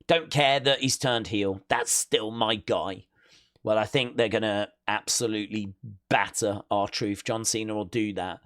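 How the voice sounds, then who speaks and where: A man's voice: fairly low pitch, a bit bright, dry recording, clean studio sound. Chatty man reacting to clips. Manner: chatty, laughs often, lots of fillers. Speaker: wrestling news host. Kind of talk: casual chat reacting to clips.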